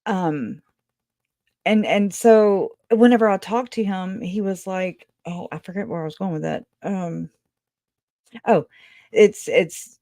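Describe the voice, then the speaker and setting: A woman's voice: medium pitch, slow, mellow, no room sound, clean studio sound. A woman hosting a call-in show, chatting casually, rambling and laughing often, trailing off mid-thought. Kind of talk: casual chat. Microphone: video call.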